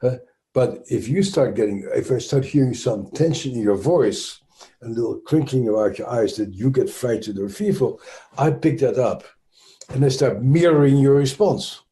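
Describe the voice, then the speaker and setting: A man's voice: mid-range voice, normal speed, mellow. A man with a Dutch accent, a trauma expert speaking as an interview guest, explaining thoughtfully with frequent restarts and fillers.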